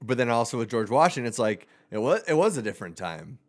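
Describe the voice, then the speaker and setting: A man's voice: medium pitch, big pitch swings, quick pace. A young man co-hosting a podcast, talking in a loose, rambling way with frequent restarts. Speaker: podcast co-host. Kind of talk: casual chat.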